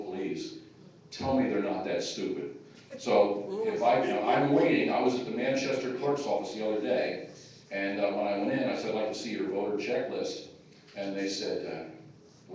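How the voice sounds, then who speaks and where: A man's voice: mid-range voice, darkish tone, dull audio. A man giving an informal, rambling speech to a gathering, with many filler words. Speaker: chairman of a taxpayers' group giving a speech. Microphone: phone in the audience. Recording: echoey hall captured from far off on a phone.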